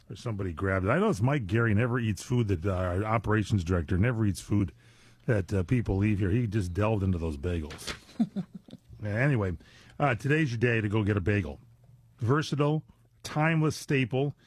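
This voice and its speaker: An older man with a lowish voice hosts a radio show, rambling casually with plenty of fillers and jokes. He's recorded on a studio microphone with no room sound.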